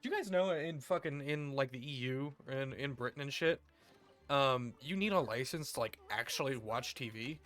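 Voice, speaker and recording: A man's voice: medium pitch, moderate pace, fairly bright tone, soft background music. A man streaming a game, chatting casually with crude jokes and rambling asides. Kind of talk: casual gameplay commentary.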